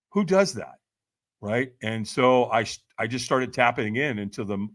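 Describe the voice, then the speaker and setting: Animated, bright-voiced older man telling his story. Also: mid-range voice, no room sound. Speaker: podcast guest. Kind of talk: personal storytelling in an interview.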